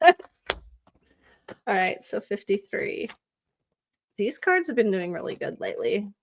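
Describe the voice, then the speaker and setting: A woman's voice: mid-range voice, wildly swooping pitch, a little slow, gravelly. A woman hosting live psychic card readings. She talks to viewers in a chatty, sympathetic way, calls them honey, and reads card meanings aloud as lists. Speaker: psychic reader and channel host.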